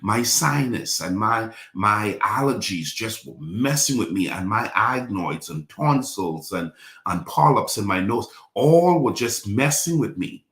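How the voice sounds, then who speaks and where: A man with a fairly low voice preaches to his congregation, circling back over his points and asking them to say lines with him. The sound carries the echo of a roomy church. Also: lively intonation, a little slow, fairly bright tone. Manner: repetitive, call-and-response preaching. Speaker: pastor. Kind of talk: sermon.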